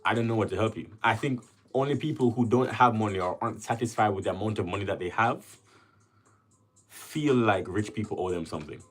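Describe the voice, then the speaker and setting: A man's voice: on the low side, brisk. A man from Jamaica with a Jamaican accent, hosting a casual livestream and chatting with viewers as he reads their comments aloud. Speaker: livestream host.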